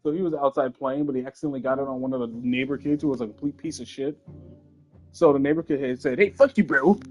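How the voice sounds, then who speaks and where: A man's voice: medium pitch, steady tone, quick pace, darkish tone, faint music behind. A young man hosting a casual, comedic chat, telling rambling stories full of swearing. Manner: crude, rambling storytelling with swearing. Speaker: host.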